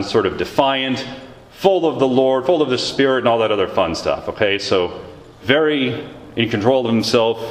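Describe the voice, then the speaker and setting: A man's voice: on the low side, echoey room. A man leading a Bible study, reading scripture aloud and explaining it conversationally, with questions to his listeners. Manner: conversational, asks the audience questions, reads scripture with rising emphasis.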